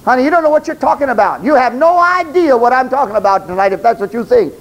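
A man with a very high voice delivers a sermon. He speaks straight at his listeners, emphatic and repetitive, and trips over words when he reads scripture aloud. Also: lively intonation, fast talker, rough recording. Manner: emphatic, addresses congregation directly, stumbles reading aloud. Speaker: preacher.

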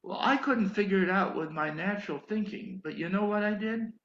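An older man preaches a sermon in a high, gravelly voice. He tells his story in an animated way and builds to emphatic pleading. The recording is dull and echoes around a hall. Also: a little fast.

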